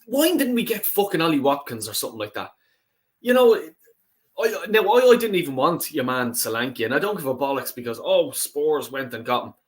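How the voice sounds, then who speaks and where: A man's voice: a little high, big pitch swings, fairly quick. Sweary rambling football fan man. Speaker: football fan channel host. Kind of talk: casual livestream chat.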